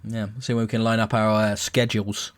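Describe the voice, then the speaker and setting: A man's voice: fairly low pitch, level tone, a little fast. A young man hosting a casual podcast chat, jokey and rambling, often restarting his sentences. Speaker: podcast host.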